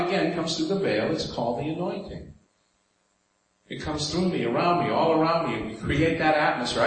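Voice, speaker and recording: A man's voice: fairly high pitch, fairly bright tone. A man with a New York accent preaching a sermon in a conversational way, putting rhetorical questions to the congregation. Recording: very echoey hall, faint room noise.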